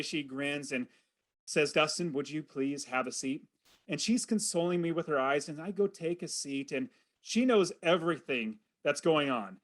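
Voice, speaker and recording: A man's voice: on the high side, a bit bright. Earnest middle-aged man telling his story. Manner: earnest, vivid storyteller who acts out his own inner thoughts. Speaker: podcast guest. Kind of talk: personal storytelling in a podcast interview.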